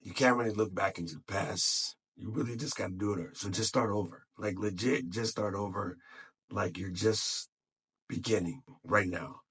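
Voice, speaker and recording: A man's voice: fairly low pitch, normal speed, fairly bright tone, husky. A man talking casually to camera, encouraging other podcasters in a tired voice, recorded on his phone. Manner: encouraging, motivational, loose and unscripted.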